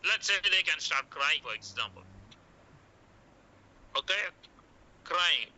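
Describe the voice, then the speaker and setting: Guy teaching a class, says okay constantly, kinda high and really bright sharp voice. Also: expressive, slow pace, rough recording. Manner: repeats "okay" often, coaching tone, acts out doctor lines. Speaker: medical communication teacher. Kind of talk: classroom lecture.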